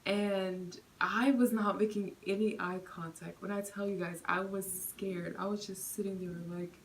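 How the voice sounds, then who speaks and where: A young woman vlogger chatting through a storytime, full of fillers and animated retelling. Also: medium pitch, unhurried, slight background noise, low-quality recording. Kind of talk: storytime vlog.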